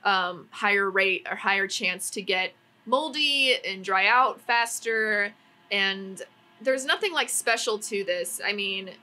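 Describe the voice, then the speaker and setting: Slow, bright, and forceful, this young woman's mid-range voice carries her exasperated, rambling take on new makeup launches, peppered with "like." She's vlogging at home while the neighbors do yard work close by.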